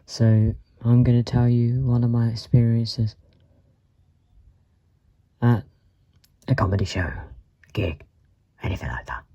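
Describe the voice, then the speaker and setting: A man telling absurd comic stories with deadpan, mock-boastful bravado. His voice is mellow and mid-pitched. The recording sounds dull and lo-fi, with faint music behind. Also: a little slow, long pauses, no room sound. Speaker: channel host. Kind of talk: comedic storytelling.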